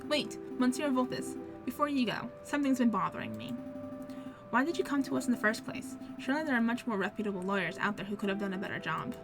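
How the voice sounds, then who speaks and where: A woman voicing an eager young male sparrow assistant in a game, blunt and lively, over game music. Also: on the high side, quick pace. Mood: curious.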